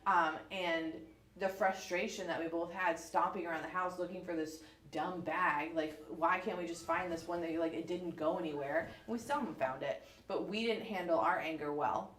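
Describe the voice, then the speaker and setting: A woman in her thirties from the United States, chatting casually as a podcast co-host, telling stories in an animated way with lots of fillers. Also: fairly low pitch, normal speed. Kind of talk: casual book club chat. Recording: echoey room.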